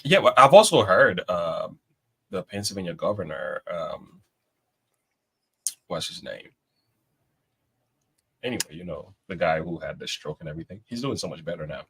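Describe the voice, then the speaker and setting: Low-voiced agreeable male co-host. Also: big pitch swings, normal speed, gravelly, pauses often, fairly bright tone, husky. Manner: agreeable, quotes scripture. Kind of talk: casual reaction chat.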